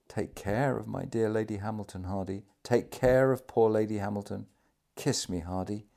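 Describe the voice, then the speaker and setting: A man reads the part of a dying naval commander, stoic and commanding to the end. His low voice falters and fades, then rises in forceful insistence on his orders. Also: normal speed, vocal fry. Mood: faint. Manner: weak, low, fading delivery with sudden forceful outbursts.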